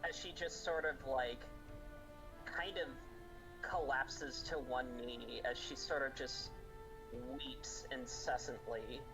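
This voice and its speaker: Slow steady guy dm, lots of ums, soft music in the back. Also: medium pitch, rough recording. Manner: unhurried, full of ums and restarts. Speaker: game master. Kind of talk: narrating a tabletop game. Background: faint background music.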